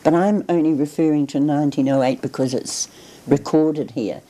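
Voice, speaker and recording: An older woman, reflectively recalling family memories in an oral history interview, pausing and restarting as she goes. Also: low-pitched, mellow, low-quality recording. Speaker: interviewee recalling her grandfather.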